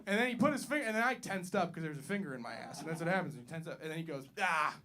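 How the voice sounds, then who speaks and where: A young man doing a stand-up comedy set on stage, animated and playful, jumping loud for the lines he acts out. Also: a little high, very fast. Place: small comedy club stage.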